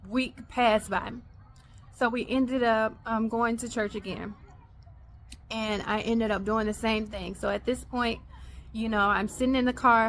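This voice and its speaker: A woman hosting a podcast, telling a personal faith story in an animated way, acting out the dialogue. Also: on the high side, a little hiss or hum. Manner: animated, acts out quoted dialogue. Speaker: podcast host.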